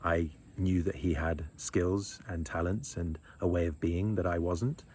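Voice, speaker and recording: A man's voice: sits low, steady tone, a little slow, darkish tone, a little hiss or hum. A man in his thirties talking in a blunt, rambling monologue, swearing freely and chuckling between thoughts. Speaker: men's retreat leader. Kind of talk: casual monologue.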